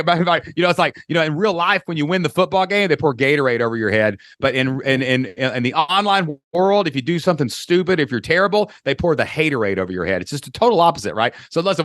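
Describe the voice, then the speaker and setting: A man's voice: on the high side, fairly bright tone, dry recording, clean studio sound. Upbeat Kentucky man hosting a podcast. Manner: enthusiastic, folksy and joking. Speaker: podcast host. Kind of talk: energetic podcast call-in chat.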